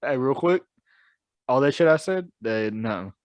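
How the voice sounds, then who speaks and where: A man's voice: mid-range voice, animated, a little slow, dry recording. A man co-hosting a podcast in casual chat, joking, laughing often and trailing off into restarts. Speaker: podcast co-host. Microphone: studio podcast mic.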